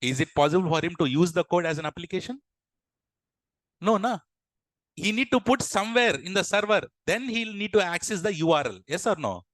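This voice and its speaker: A man's voice: high-pitched, animated, brisk, fairly bright tone, dry recording, low-quality recording. A young man teaching a live online class, asking the students questions and acting out little dialogues to explain ideas. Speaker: instructor.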